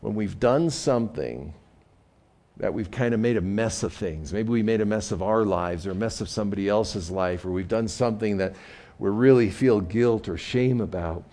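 A male pastor delivers a sermon in a loose, conversational way, stumbling and repeating words as he goes. His voice is low and rough with a gravelly fry. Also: normal speed, dark tone.

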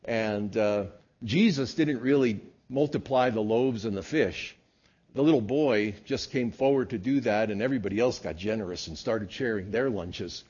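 A man who is a pastor, preaching a sermon with emphatic peaks that drop to quiet asides. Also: fairly low pitch, normal speed, slightly rough. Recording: dull lo-fi recording.

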